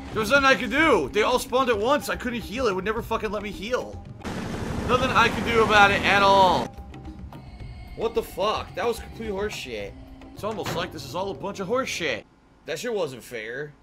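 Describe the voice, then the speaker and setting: A man live-streaming a video game, swearing, shouting at jump scares and thanking viewers for donations. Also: high voice, animated. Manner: profane, quick to yell at scares and thank donors. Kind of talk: live gameplay commentary. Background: game music.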